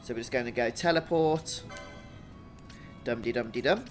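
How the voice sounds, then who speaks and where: A man hosting a video game walkthrough in a relaxed, chatty way, thinking out loud as he plays. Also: mid-range voice, normal speed, music in the background. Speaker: gaming channel host.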